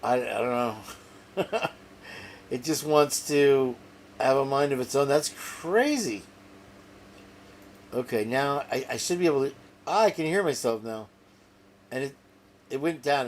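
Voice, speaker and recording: A man's voice: mid-range voice, expressive, normal speed, pauses often, a little hiss or hum. A man commenting on a video as a reaction host, with incredulous asides and laughter. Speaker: reaction streamer.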